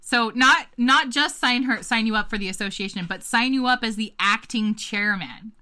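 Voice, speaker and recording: Bright-voiced woman telling a teasing story. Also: fairly high pitch, moderate pace. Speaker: podcast co-host. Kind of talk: casual storytelling chat.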